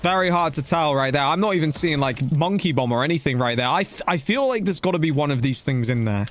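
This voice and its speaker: A man's voice: a little high, lively intonation, fast talker, slight background noise. Chatty man streaming a game. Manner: chatty and loose, talking to chat while playing, slangy with "bro" and "dude". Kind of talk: casual live-stream commentary.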